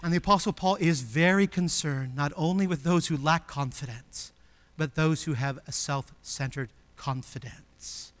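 A man preaching a sermon as pastor, emphatic and full of rhetorical questions, swinging between loud declarations and hushed, intimate passages. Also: fairly high pitch.

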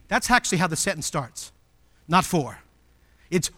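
A man preaching a sermon as pastor, emphatic and full of rhetorical questions, swinging between loud declarations and hushed, intimate passages. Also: on the high side, lively intonation, moderate pace, long pauses.

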